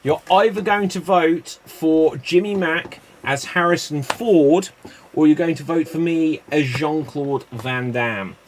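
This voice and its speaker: A man's voice: a little high, slow, a little hiss or hum. A man hosting a live-streamed improv show, chatty and rambling between games.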